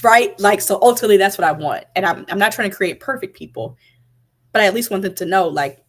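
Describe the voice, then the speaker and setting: A woman's voice: mid-range voice, lively intonation, quick pace. A woman in her thirties, a mother of toddlers, giving casual parenting advice to viewers on a live stream in a direct, chatty way. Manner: chatty, direct, addresses viewers, many fillers like "like" and "right?".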